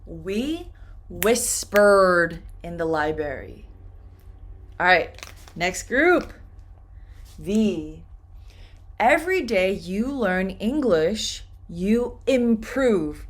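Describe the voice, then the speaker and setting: A woman teaching English pronunciation, repeating each word slowly and clearly for her students. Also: medium pitch, lively intonation. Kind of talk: slow, deliberate pronunciation lesson.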